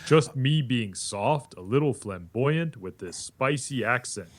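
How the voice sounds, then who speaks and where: A man's voice: mid-range voice, expressive, unhurried, dry recording. A man playing a stuttering, flirty AI chatbot. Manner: stuttering, soft and flamboyant. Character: flirty male AI chatbot with Spanish accent.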